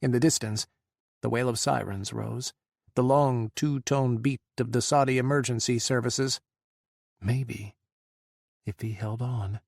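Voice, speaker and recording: A man reading an audiobook in a measured, dramatic narration style. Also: mid-range voice, steady tone, vocal fry, darkish tone, slightly rough, dry recording, studio quality. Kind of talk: scripted narration.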